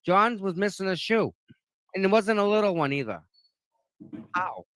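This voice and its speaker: A man's voice: sits high, lively intonation, normal speed, fairly bright tone, no echo. A man with a Boston accent, a guest on a casual livestream, talking emphatically and repeating points for punch.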